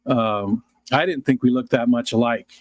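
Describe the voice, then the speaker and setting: A man's voice: mid-range voice, moderate pace, no echo. A middle-aged man hosting a livestream, rambling casually to his viewers and chuckling often as he answers comments. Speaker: livestream host.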